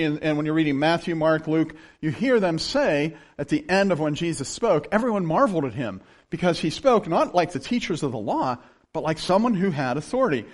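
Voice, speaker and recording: A man preaching a sermon as pastor, telling stories in an animated way and often laughing. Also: fairly high pitch.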